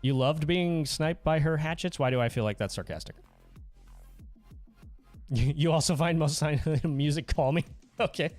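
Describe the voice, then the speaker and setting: A man's voice: on the high side, a little slow, pauses often, soft background music. A man hosting a casual livestream, chatting goofily with viewers and laughing often. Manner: goofy, animated, reads chat aloud and laughs often. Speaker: livestream host.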